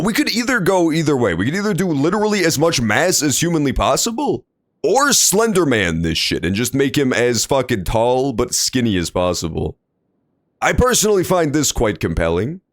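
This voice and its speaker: A man's voice: fairly high pitch, normal speed, no echo, studio quality. A man streaming a video game, chatting casually and joking, often calling out to the characters on screen. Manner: animated, jokey, talks to game characters. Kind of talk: casual gameplay commentary.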